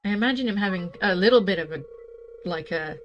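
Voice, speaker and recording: A woman's voice: medium pitch, lively intonation, quick pace, dull audio, soft background music. Wry, chatty woman streaming a game. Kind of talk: casual gameplay commentary.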